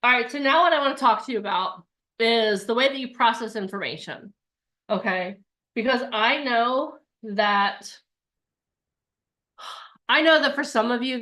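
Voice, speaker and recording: Chatty woman running a live zoom bootcamp, bright and a bit high, hams up little voices. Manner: upbeat, chatty, acts out voices of inner thoughts. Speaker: bootcamp coach. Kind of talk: live online workshop talk.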